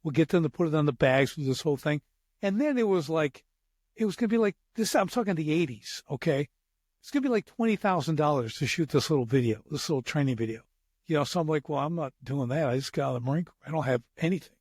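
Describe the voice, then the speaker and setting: Guy in his 60s hosting a podcast, rambly storytelling, fairly high voice, dry close sound. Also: animated, fast, darkish tone, dry recording. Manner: rambling, anecdotal. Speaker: podcast host. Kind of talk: casual interview chat.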